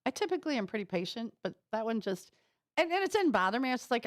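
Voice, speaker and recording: A woman's voice: on the high side, very animated, fast, no room sound, clean studio sound. A woman with a Midwestern American accent co-hosting a morning radio show, chatting animatedly and telling stories with laughs. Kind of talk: casual morning radio chat. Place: radio studio.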